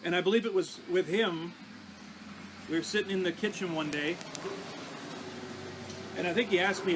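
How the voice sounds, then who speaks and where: A man's voice: high-pitched, normal speed, long pauses, noisy background. A pastor telling his life testimony in a conversational, storytelling way. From Canada. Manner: conversational, recounting with small restarts.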